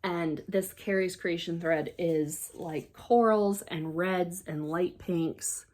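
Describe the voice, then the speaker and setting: A woman chatting casually as a crafting vlogger, excitable and rambling, often trailing off and restarting. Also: lowish voice, slow pace. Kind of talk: casual show-and-tell chat.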